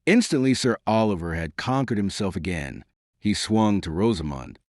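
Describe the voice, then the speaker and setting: A man narrating an audiobook in a dramatic, measured reading. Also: on the low side, expressive, dry recording, studio quality.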